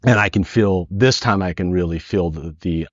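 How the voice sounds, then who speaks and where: Earnest middle-aged storyteller, low voice. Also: male voice, normal speed, no room sound. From San Francisco. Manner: earnest, animated retelling with acted quotes. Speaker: podcast guest. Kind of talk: emotional storytelling. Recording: dull lo-fi dry podcast audio.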